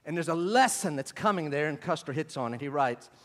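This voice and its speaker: A male pastor preaching a sermon, moving between quiet asides and loud, emphatic stretches. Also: on the high side, expressive, a little fast, in a large hall.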